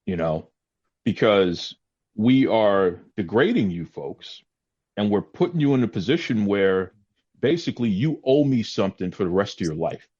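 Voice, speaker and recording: A podcast host with a low, husky voice makes his case earnestly, lecturing at length and leaping up in pitch to mock. The recording sounds dull and lo-fi. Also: a little mellow. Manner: earnest, lecturing, jumps high when mocking. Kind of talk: casual podcast chat. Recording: dull lo-fi audio.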